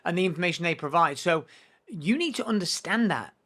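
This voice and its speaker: A man's voice: high-pitched, lively intonation, a little fast, sharp tone. A man hosting a business podcast, explaining earnestly with frequent stumbles and restarts. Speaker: podcast host. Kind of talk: podcast conversation.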